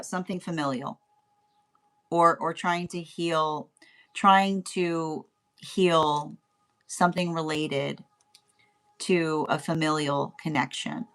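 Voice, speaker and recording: Halting, chatty woman tarot reader. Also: on the low side. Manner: halting, repeats words, many fillers; grows animated and laughing. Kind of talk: spoken intuitive reading.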